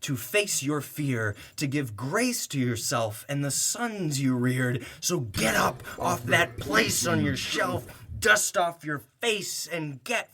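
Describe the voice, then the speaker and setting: A man's voice: a little high, very animated, slow pace, hardly any pauses, pushed and bright, a little hiss or hum. A young man performing rhyming spoken-word poetry with a sarcastic, heated edge and bursts of laughter.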